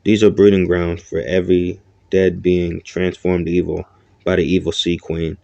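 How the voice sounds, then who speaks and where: A man's voice: sits low, level tone, normal speed, vocal fry, a little mellow, no echo, lo-fi sound. A man voicing a stern young leader who gives commands and warnings.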